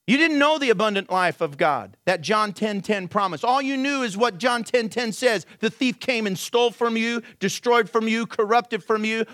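High-voiced animated preacher man. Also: dry recording, studio quality. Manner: animated storytelling with sudden drops to a low, quiet aside; rhetorical questions to the congregation. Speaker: pastor. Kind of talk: sermon.

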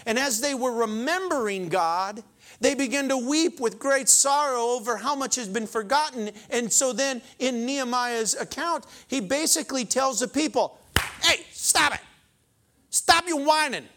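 A male preacher giving a sermon, animated and joking, with sudden emphatic exclamations. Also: extremely high pitch, moderate pace.

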